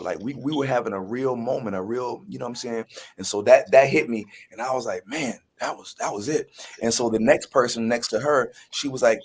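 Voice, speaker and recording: A man tells a story at an easy, mid-pitched level. He jumps into the voices of the people he quotes and stumbles over restarts as he goes. The talk is a loose, chatty interview. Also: fairly quick, breathy edge. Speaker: guest actor.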